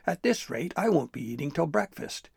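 Grouchy hungry troll guy, gravelly growl, a man putting him on, husky. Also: medium pitch, lively intonation, normal speed, no room sound, clean studio sound. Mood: grumbling. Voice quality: growling, grumbling. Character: grumpy hungry male troll, impatient.

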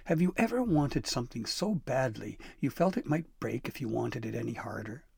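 Gravelly man narrating a storybook. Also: medium pitch, animated, moderate pace, darkish tone, no echo, clean studio sound.

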